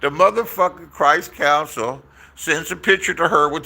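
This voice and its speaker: A man with a somewhat high, sharp, forceful voice spins rambling stories. He swears freely and circles back over the same phrases as he goes. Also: moderate pace. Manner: profane, rambling, repeats phrases. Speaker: streamer telling stories. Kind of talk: casual storytelling rant.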